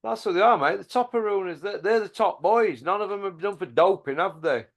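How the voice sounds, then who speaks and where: A man's voice: sits high, brisk. A man, blunt and mocking, chatting casually about boxing as a podcast host.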